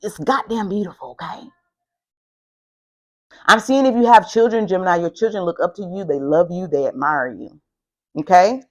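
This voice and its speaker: A woman giving a casual tarot reading who talks in an excitable, emphatic way and swears a lot. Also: lowish voice, moderate pace, pauses often. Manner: excitable, emphatic and heavily profane. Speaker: tarot reader.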